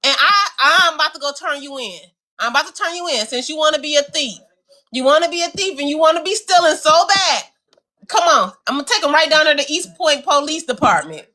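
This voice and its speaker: A woman's voice: high-pitched, brisk. A woman, co-hosting a casual talk show, telling a story animatedly and talking straight to listeners. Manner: animated, addresses listeners as y'all, acts out voices. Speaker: show co-host.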